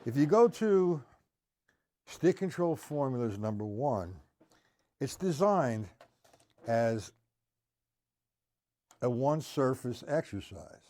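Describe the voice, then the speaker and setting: Slow-talking man teaching drums. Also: mid-range voice, big pitch swings. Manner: slow, patient explaining, counting and scatting rhythms loudly. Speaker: drum teacher. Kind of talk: live-streamed drum lesson.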